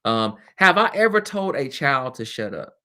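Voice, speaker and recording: A man's voice: medium pitch, very animated, moderate pace, sharp tone, clean tone. A man hosting a webcast as a former teacher, talking candidly and casually, with frequent laughs and chatty asides.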